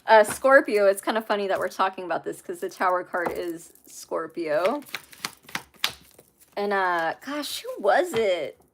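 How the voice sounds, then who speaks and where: A woman's voice: medium pitch, lively intonation, measured pace, noisy background. Chatty woman giving a tarot reading. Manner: rambling, chatty, many fillers and asides. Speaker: tarot reader. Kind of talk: casual tarot reading monologue.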